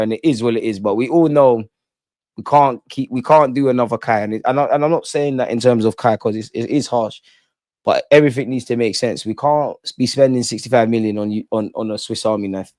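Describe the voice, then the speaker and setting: A man's voice: medium pitch, fairly quick, no echo. Slangy man hosting a football stream. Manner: slangy, animated, says "man" a lot. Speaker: football channel host. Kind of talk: casual live-stream chat.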